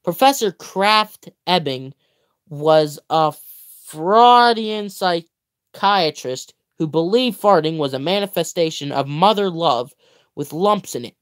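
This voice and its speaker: A young man hosting a livestream, reading a comic book aloud in a playful, theatrical way, with chatty asides, drawn-out words and self-corrections. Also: on the high side, a bit bright. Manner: playful, theatrical reading with mock-grand exclamations. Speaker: livestream host.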